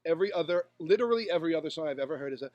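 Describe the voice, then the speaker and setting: A man's voice: a little high, expressive, rapid-fire, a little mellow, dry recording, muffled recording. A man co-hosting a casual podcast, blunt, crude and opinionated. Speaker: podcast co-host. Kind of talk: casual chat.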